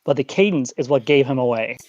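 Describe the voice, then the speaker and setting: A man's voice: mid-range voice, fast talker, a little mellow. An American man on a call-in show who keeps his answers guarded and matter-of-fact and brushes off topics he won't discuss. His audio comes through dull and lo-fi, and it sounds dry, with no room echo. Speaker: guest caller. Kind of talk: casual call-in chat.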